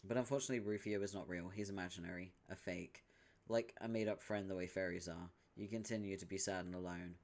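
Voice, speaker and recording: A man's voice: low-pitched, steady tone, fast. A man hosting a read-along, narrating a webcomic in a wry, dramatic second-person style. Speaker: host reading a webcomic aloud.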